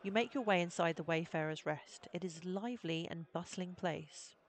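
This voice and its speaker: A woman's voice: lowish voice, moderate pace. A woman live-streaming a story game, reading its text aloud and adding wry, laughing asides.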